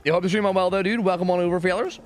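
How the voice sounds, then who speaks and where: A man's voice: high voice, very fast, faint music behind. A young man streaming a game from home, chatting casually with his viewers, swearing a lot and ranting with plenty of energy. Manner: profane, animated and ranting, talks to chat. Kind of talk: casual livestream chat.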